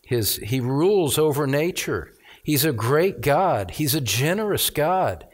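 A man's voice: on the high side, big pitch swings. A middle-aged man preaching a sermon, reading scripture aloud and stressing key words with rising emphasis as a pastor. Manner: reads scripture aloud, slowing on phrases.

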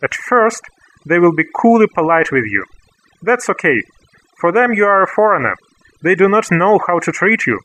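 A man teaching a language lesson, slowly repeating each word for learners. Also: sits high, big pitch swings, bright, forceful tone, low-quality recording. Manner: slow, careful repetition of words for learners. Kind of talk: scripted language lesson narration.

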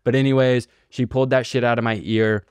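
A man's voice: medium pitch, flat delivery, fairly quick, clean tone, no echo. A man casually telling a long, rambling story on a podcast, swearing and using lots of filler words. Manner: rambling, profane, filler-heavy delivery. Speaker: podcast co-host.

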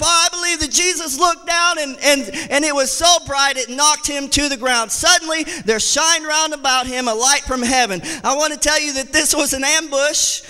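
With a very high, pushed, bright voice and few pauses, this associate pastor preaches at normal speed, a long reverb tail trailing his words through the church sanctuary. His fervent sermon repeats key phrases and includes scripture read aloud in old-fashioned wording.

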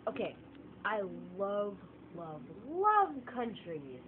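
A woman's voice: mid-range voice, measured pace. A woman vlogging a casual, exasperated opinion rant to her phone camera, repeating herself for emphasis. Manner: animated, exasperated, emphatic repetition. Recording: tinny lo-fi phone audio with faint noise.

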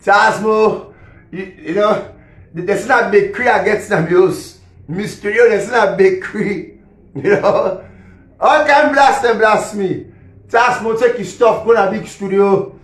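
A man's voice: high voice, moderate pace, a bit bright. Man, Sierra Leonean Krio accent, rambling live-stream monologue; raised voice, reverberant room. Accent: Sierra Leonean Krio English. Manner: rambling, repetitive, laughs between lines. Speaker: musician and social media personality. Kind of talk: casual live-stream rant. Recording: echoey room.

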